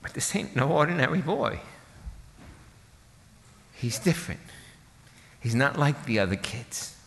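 A man's voice: mid-range voice, animated, a little slow, gravelly, a bit bright, long reverb tail. A man preaching a sermon in a loose, conversational way, joking with the congregation and acting out the voices of people in the story. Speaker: pastor.

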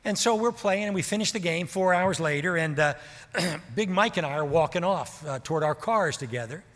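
A middle-aged man preaching a sermon as a pastor, telling a story in an earnest way and slowing down to stress key points. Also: on the high side, animated, a bit bright. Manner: earnest, slows down for emphasis. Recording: reverberant hall.

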